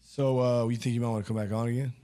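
A man's voice: mid-range voice, flat delivery, fast talker, warm tone. A man hosting a podcast, talking in a casual, jokey way and calling his guest "dude". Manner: laid-back, jokey, says "dude" a lot. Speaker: podcast host.

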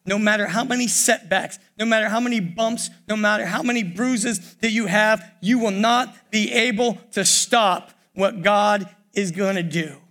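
An older man preaching a sermon in a church, pausing often and calling out "church". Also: sits high. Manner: preaching with many pauses, repeating "church". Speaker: pastor. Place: church sanctuary. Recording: worship music under the voice. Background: soft piano and keyboard.

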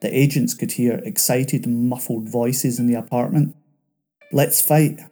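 A man reading a scripted true-crime narration in a measured, dramatic way. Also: medium pitch, fairly even intonation, mellow, soft background music.

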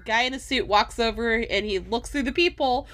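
A woman co-hosting a podcast, chiming in with quick corrections and asides while recapping a film. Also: a little high, a bit bright. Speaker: podcast co-host. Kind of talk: casual chat recapping a film.

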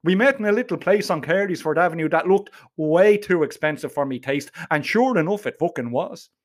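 A middle-aged man narrating a comic tale, gruff and blunt with plenty of swearing. His voice sits high for a man and swings widely up and down as he tells it. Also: animated, fairly quick. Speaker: storyteller.

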